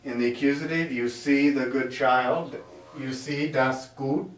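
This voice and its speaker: A man's voice: medium pitch, fairly even intonation. A man teaching a grammar lesson in a classroom, explaining step by step as he writes on a board. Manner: slow, explanatory, writing on a board as he talks. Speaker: German teacher. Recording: echoey room, mic far off.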